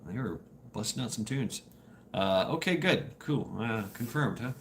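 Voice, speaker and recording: Chatting with his live audience, a streamer rambles through stories while laughing and dropping swear words. He has a mid-range voice with lively intonation and speaks a little slowly. A bit of hiss or hum runs under the recording.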